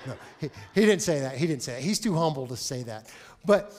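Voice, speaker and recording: A man in his forties preaching a sermon as pastor, telling a story with lively acted-out dialogue. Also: mid-range voice, a little fast. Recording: long reverb of a large hall.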